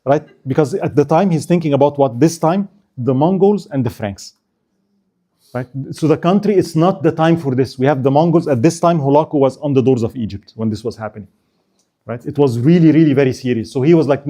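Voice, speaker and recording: A man gives a loose, chatty history lecture, his voice pitched a little high yet mellow and warm. He keeps checking in with his listeners with a quick "right?" and jokes along the way. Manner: keeps asking the audience "right?", joking and laughing. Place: Islamic center.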